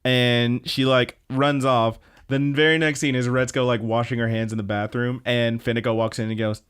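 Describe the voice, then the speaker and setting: Excitable man laughing through an anime recap. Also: medium pitch, normal speed, few pauses, smooth. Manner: excited, laughing, swearing, lots of "like" and "uh". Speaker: podcast co-host. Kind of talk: casual podcast chat recapping an anime.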